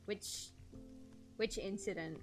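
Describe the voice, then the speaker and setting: A woman's voice: medium pitch, fairly even intonation, slow pace, over music. A young woman streaming while she draws, telling stories in a rambling, slangy way and swearing freely. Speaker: streamer and artist. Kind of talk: casual livestream chat while drawing.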